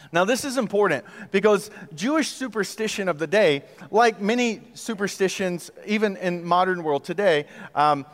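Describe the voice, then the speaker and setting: A man preaching a sermon in a conversational way, using rhetorical questions and dramatic pauses. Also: high voice, big-room sound. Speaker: pastor.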